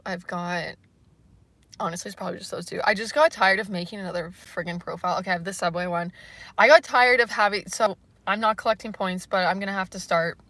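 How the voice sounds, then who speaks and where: A young woman from Canada talks to her livestream chat in a loose, rambling way, laughing often between her thoughts. Her voice is bright and forward, at a middle pitch. The sound is dry and close, with no room echo. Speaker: livestream host. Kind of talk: casual livestream chat, reading comments.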